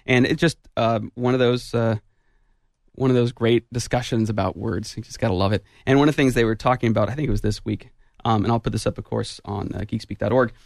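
A male radio host with a gravelly edge to his voice talks playfully, laughing easily. The sound is dry and close, with no room around it. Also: medium pitch, fairly even intonation, fast, a little mellow, no room sound. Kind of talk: casual radio chat.

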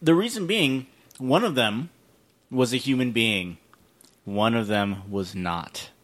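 A man co-hosting a tech podcast, telling stories in a casual, animated way. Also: medium pitch, slow. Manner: animated, storytelling. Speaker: podcast co-host.

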